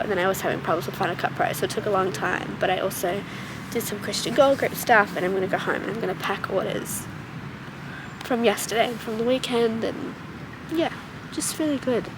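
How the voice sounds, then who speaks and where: A young woman talks straight to her camera in a chatty, upbeat way, gushing over small things. Her voice sits a little high. Steady background noise runs under her. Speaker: vlogger. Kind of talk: casual vlog chat. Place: outdoors in a park, then at home.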